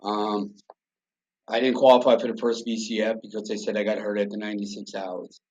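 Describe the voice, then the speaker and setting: Husky and a little mellow, this man's voice is on the low side, with a flat, brisk delivery. He's a middle-aged podcast guest from the United States recounting a personal story in a blunt, profane, emotional way, captured in dull lo-fi audio.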